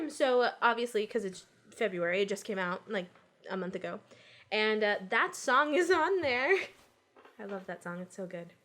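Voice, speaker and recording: A woman co-hosting a casual podcast chat, enthusiastic and quick to giggle. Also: mid-range voice, very animated, a bit bright. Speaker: podcast co-host.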